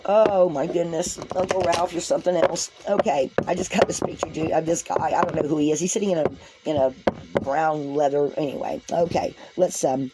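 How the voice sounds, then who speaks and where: A woman's voice: deep voice, fairly even intonation, normal speed, heavy background noise. A woman giving a casual spiritual tarot reading to camera, chatty, laughing often and talking straight to her viewers. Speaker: tarot card reader.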